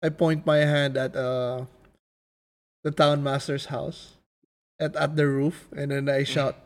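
Male tabletop player, animated and eager, slightly high voice. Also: slow pace. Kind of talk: playing a tabletop game.

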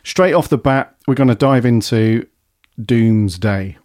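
A man's voice: medium pitch, normal speed, a little mellow, no room sound, studio quality. A man hosting a casual podcast chat in an upbeat, chatty way. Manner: chatty, upbeat British slang. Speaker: podcast host.

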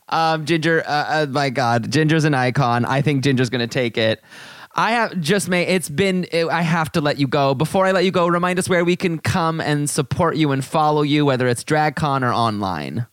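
A man hosting a podcast in casual chat, giggly and quick to agree. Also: on the high side, fairly bright tone, clear, resonant tone, no room sound, clean studio sound. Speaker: podcast host.

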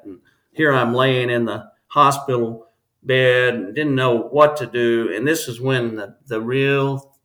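A man, a guest on an interview podcast, telling a personal story in an earnest, halting way with many restarts. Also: medium pitch, bright, forceful tone.

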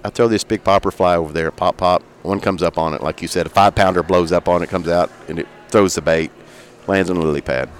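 Animated low-voiced male storyteller. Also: quick pace, few pauses, a little hiss or hum. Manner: animated storyteller with sound effects. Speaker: fishing guide and fly maker. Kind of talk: storytelling in a casual interview.

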